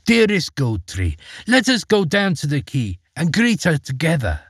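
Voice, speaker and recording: A quick-witted young wife, composed and polite, voiced by a man reading a storybook. Her lines move through a wide pitch range with a husky grain, heard close and dry. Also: huge pitch swings, no echo, heavily acted. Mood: calm, cunning.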